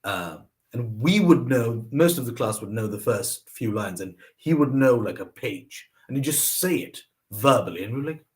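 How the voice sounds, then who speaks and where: Young man, lively storyteller, wide pitch swings, acts out quoted voices. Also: moderate pace, hardly any pauses. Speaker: vlogger sharing lessons from his mother. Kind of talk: personal storytelling monologue.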